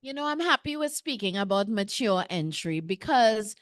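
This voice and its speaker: A woman's voice: medium pitch, animated, moderate pace, dry recording, clean studio sound. A woman hosting a live call-in show, chatty and teasing the callers as she takes their questions. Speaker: show host.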